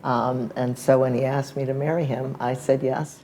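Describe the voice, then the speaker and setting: Very low-voiced older woman. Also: fairly even intonation, moderate pace, dark tone, a little hiss or hum, poor audio. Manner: laughs readily, earnest. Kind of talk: casual chat.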